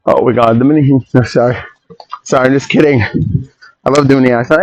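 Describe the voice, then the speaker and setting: A man hosting a podcast in a casual rambling monologue, opinionated and quick to jump off on tangents and interrupt himself. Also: medium pitch, fairly even intonation, darkish tone, no echo, lo-fi sound. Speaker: podcast host.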